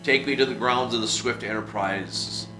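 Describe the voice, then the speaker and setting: A man's voice: medium pitch, normal speed, close to an everyday voice. A man reading the lines of a menacing foreign stranger of about thirty who snaps curt threats. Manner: curt, snarling orders. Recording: roomy echo with music behind.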